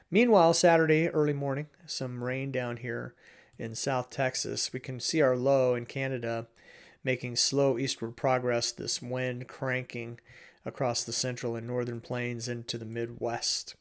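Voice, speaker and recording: A man from Oregon giving a casual, chatty weather forecast, with informal asides and small restarts. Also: mid-range voice. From Oregon, USA.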